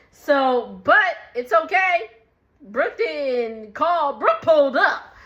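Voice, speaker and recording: A woman recapping a reality show in a casual, animated way, laughing often and acting out what people said. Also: high voice, extremely slow, dull audio. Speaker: recap vlogger.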